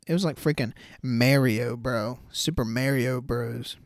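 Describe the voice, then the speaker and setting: A man's voice: medium pitch, moderate pace, hardly any pauses, no room sound, studio quality. A man hosting a casual solo podcast, talking loosely in slang and calling listeners bro. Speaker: podcast host.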